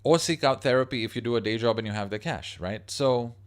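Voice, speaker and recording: A man's voice: medium pitch, a little fast, clear, resonant tone. A man hosting a livestream, talking casually and rambling, reading viewer comments aloud as he goes. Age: adult parent of a young child. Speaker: livestream host.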